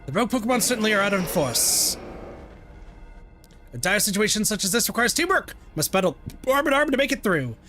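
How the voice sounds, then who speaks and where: A man's voice: high voice, sing-song, a little fast, bright, forceful tone, soft background music, full character voice. A man voicing a boastful, hulking male martial artist who speaks in a grand, formal way. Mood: earnest.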